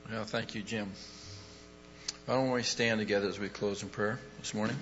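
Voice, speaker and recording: Low-voiced pastor praying haltingly. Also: male voice, fairly even intonation, a bit bright, soft background music. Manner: halting, with many "uh"s and restarts. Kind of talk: closing announcements and prayer. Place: church sanctuary. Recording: dull lo-fi recording in a reverberant church.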